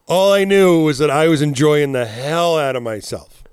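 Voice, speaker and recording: A man's voice: on the high side, animated, moderate pace, smooth, no echo, studio quality. Rambling, laughing podcast man. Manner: rambling, profane, laughing storyteller. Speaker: podcast co-host. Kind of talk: casual chat.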